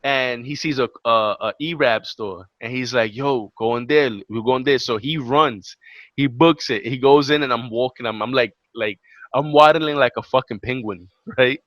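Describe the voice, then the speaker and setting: A man's voice: medium pitch, moderate pace, no echo, dull audio. A young man telling a long, profane story on a casual podcast, acting out what people said. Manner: animated, profane, acts out quotes. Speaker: podcast co-host.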